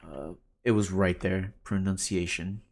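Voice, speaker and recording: A man's voice: deep voice, fairly even intonation, measured pace, darkish tone. A man streaming a game, chatting casually with his chat and laughing often. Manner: laid-back, laughs often, reads chat aloud.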